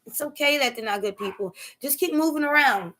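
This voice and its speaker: Brisk and expressive, this host addresses her viewers head-on during a relaxed motivational live stream, her high, light voice fairly bright. Emphatic and preachy, she talks in slangy, loose grammar and repeatedly checks in with "okay?"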